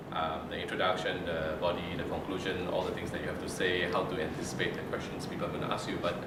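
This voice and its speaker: A man with a very low voice lectures students calmly and deliberately, checking in with "okay?" along the way. The mic sits far from him in a roomy, echoing lecture hall, and a loud air-conditioning hum runs beneath.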